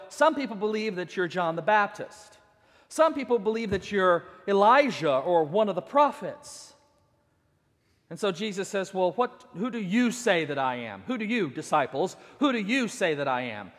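A man's voice: high voice, fairly bright tone. A man preaching a sermon, telling the story with dramatic swings and acting out the quotes. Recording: long hall reverb.

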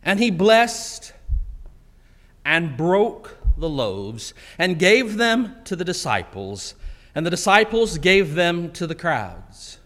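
A man preaching a sermon in a church, telling the story with animated delivery and acting out the quotes. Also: high-pitched, slow pace. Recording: long hall reverb.

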